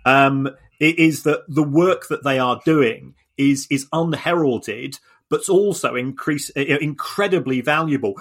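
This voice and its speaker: A man's voice: mid-range voice, measured pace, fairly bright tone. Man explaining, stumbling over repeated words. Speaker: podcast co-host. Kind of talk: casual podcast discussion.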